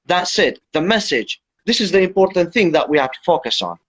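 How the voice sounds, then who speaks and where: A man's voice: on the high side, very animated, fairly quick, fairly bright tone. A man who teaches English explains things step by step as the guest of an Instagram Live chat. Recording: dull lo-fi livestream audio.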